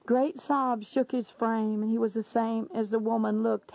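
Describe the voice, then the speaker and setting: A woman's voice: a little high, steady tone, measured pace, creaky, few pauses, dry recording. A woman reading a religious testimony aloud in an earnest, solemn, dramatic way. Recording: dull lo-fi dry recording.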